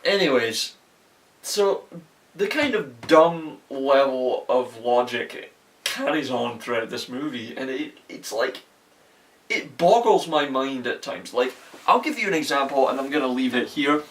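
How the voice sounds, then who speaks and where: A man's voice: medium pitch, very animated, a little slow, fairly bright tone. A young man in a casual, profane movie review, rambling with restarts and often exasperated. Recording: voice a bit far from the mic.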